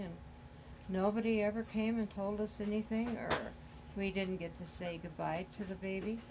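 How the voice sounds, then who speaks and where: An older woman, a grandmother, telling the family's story in a casual conversation, halting with many pauses. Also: on the low side, background noise.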